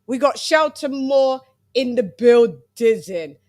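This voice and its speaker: A woman's voice: fairly high pitch, lively intonation, slow, darkish tone. A woman from England hosting a casual boxing chat livestream, playful and chatty, singing little jingles as she brings guests in. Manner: playful, sing-song intros, chatty asides. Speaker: livestream host.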